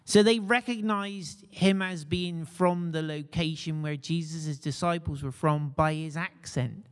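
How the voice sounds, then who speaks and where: A man's voice: fairly high pitch, a little slow, clear, resonant tone, long reverb tail. A man preaching a sermon in a conversational way, putting questions to his congregation.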